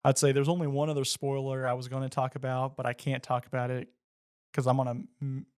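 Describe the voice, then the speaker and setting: A man co-hosting a casual movie podcast, tossing in quick, joking remarks. His voice is middle-pitched and recorded close and dry. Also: level tone, darkish tone, dry recording. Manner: jokey, quick interjections. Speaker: podcast co-host. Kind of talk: casual movie review chat.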